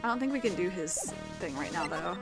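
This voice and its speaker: A woman's voice: on the low side, animated, brisk, music in the background. Young woman, streamer, casual chatter, giggly, self-mocking. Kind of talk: casual let's-play chat.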